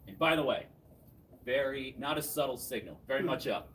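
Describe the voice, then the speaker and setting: A young man in his twenties doing a stand-up set, laughing at his own jokes and swinging between loud and soft. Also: mid-range voice, lively intonation, normal speed, a little hiss or hum. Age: 20s. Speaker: stand-up comedian. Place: small comedy venue with audience. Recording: distant mic with crowd laughter. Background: audience laughing.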